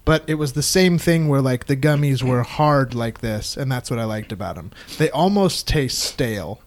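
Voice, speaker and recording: A man's voice: medium pitch, lively intonation, moderate pace. A man co-hosting a podcast in casual, playful chat. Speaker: podcast co-host.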